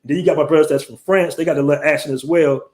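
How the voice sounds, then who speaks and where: A man's voice: fairly high pitch, steady tone, quick pace, darkish tone. Laid-back slangy man chatting on a live stream. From United States. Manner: laid-back, slangy, reads out viewer comments. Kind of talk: casual live stream chat.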